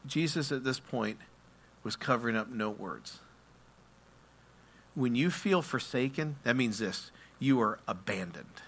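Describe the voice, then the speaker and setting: A man preaching a sermon, moving between quiet explanation and loud, impassioned passages where he acts out prayers. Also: mid-range voice, lively intonation, measured pace, long pauses, slightly rough. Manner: acts out prayers and quotes in his own voice. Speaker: pastor.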